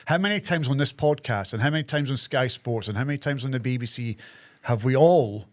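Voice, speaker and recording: A man's voice: mid-range voice, a little fast. Scottish male co-host, loose analytical chat, repeats himself, mid-range voice. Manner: rambling, analytical, repeats words. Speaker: podcast co-host. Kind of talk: casual football chat.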